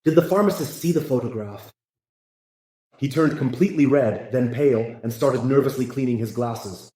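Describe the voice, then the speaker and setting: A man reading a string of short jokes aloud in a flat, scripted way. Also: mid-range voice, normal speed, roomy sound, low-quality recording. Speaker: joke narrator.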